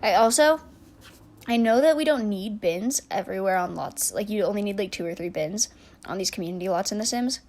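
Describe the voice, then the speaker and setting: Casting: young woman, casual rambling game commentary, mid-pitched, many fillers and muttered asides. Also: animated, fairly quick. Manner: chatty, rambling, many likes and restarts, trailing soft asides. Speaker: game build YouTuber.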